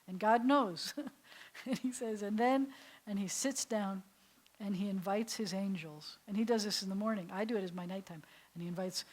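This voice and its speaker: A woman rabbi leads a calm class on prayer, her voice sitting at an ordinary middle pitch. She chants Hebrew phrases slowly and then explains each one gently, now and then dropping to a soft near-whisper. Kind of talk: adult education class on prayer.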